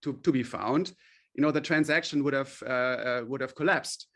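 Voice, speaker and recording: A man's voice: mid-range voice, moderate pace, bright, forceful tone. A man being interviewed as a company CEO, explaining at length with many fillers and restarts. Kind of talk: podcast interview.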